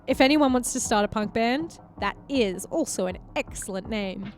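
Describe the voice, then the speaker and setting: A woman hosts a video game playthrough, reading the story text and chatting between scenes. Her voice sits fairly high. Faint music plays underneath. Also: expressive, normal speed, few pauses. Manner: chatty, self-mocking asides. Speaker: let's play host. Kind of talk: casual gameplay commentary and reading narration.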